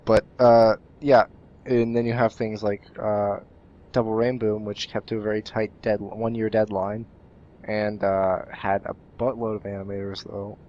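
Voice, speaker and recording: A man who co-hosts and animates, chatting casually and chiming in eagerly with quick asides. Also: on the low side, level tone, a little mellow, dull audio, slight background noise. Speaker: co-host and hobby animator. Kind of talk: casual chat.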